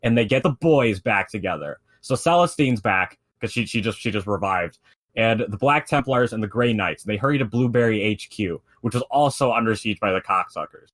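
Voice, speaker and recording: A man's voice: on the low side, animated, normal speed, fairly bright tone. A man in casual podcast chat, retelling a story in a rambling way with lots of fillers and swearing. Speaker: podcast co-host explaining lore.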